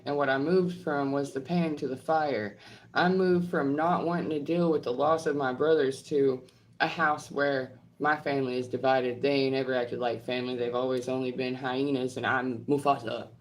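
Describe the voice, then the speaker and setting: Low-voiced woman ranting bluntly at trolls. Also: steady tone, normal speed. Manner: blunt, profane and confrontational, with emphatic repetition. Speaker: online creator and healthcare professional. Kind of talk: heated monologue answering trolls.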